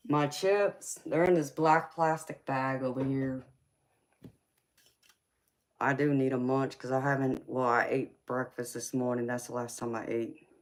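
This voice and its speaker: A woman's voice: very deep voice, fairly even intonation, takes it slowly, pauses often. A woman from Los Angeles with a Southern accent, chatting casually on a live stream and answering viewers' comments. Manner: chatty, laughs often, reads out viewer comments. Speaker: tarot reader streamer.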